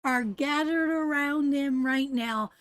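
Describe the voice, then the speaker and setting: Slow-talking woman reading tarot live. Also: high-pitched, no room sound, poor audio. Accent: Canadian. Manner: affectionate, calls viewers darling and sweetheart; emphatic, repeats phrases. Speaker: tarot reader.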